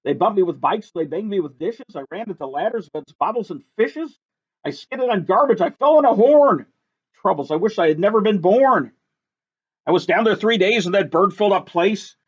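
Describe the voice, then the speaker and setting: A man reading a rhyming picture book aloud in a lively, sing-song, rhythmic way. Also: high-pitched, moderate pace, breathy edge. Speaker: reader. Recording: dull lo-fi recording.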